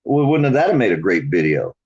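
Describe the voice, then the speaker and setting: Man, casual chat host, swears a lot, lively pitch. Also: fairly quick, breathy edge, highs cut off. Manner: profane, laughs often, lively.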